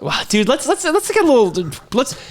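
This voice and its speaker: A man's voice: very high voice, huge pitch swings, normal speed. A young man co-hosting a podcast, chatting casually with a friend, swearing and joking around. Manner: swearing, jokey, drops into silly voices. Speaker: podcast co-host. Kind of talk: casual chat.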